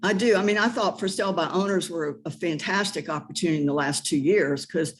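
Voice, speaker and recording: A woman's voice: fairly low pitch, a little fast. A woman speaking as a real estate agent and trainer on an online panel, upbeat and eager in a coaching tone.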